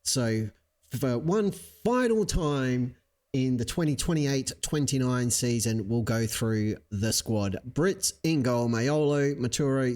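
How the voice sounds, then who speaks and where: A man casually commentating his own video game session, chatty and self-mocking, lively when cheering on his team. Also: mid-range voice. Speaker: video game let's-play host. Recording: clear background noise.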